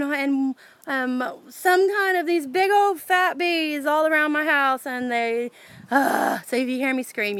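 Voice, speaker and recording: Excited high-voiced woman telling a story. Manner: excited, animated, rambling with many fillers. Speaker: vlogger. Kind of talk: casual storytelling to camera. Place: outdoors near her house.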